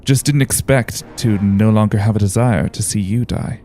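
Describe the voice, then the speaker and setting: A man voicing a sly, weary male spymaster in a tabletop game, talking softly and knowingly. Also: on the low side, normal speed, faint music behind, natural voice. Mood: wry.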